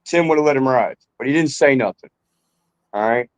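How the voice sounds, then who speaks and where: A man's voice: medium pitch, brisk, clear, resonant tone, dry recording, low-quality recording. A man talking as a rapper guest in a casual interview, laid-back and swearing freely, calling the host bro.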